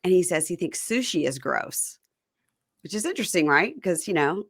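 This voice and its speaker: A woman's voice: fairly low pitch, normal speed, husky, dry recording, clean studio sound. A woman hosting a podcast, chatting casually and acting out reality TV scenes as she retells them. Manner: animated recapper who acts out the scenes. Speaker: podcast host recapping reality TV. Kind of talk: casual chat.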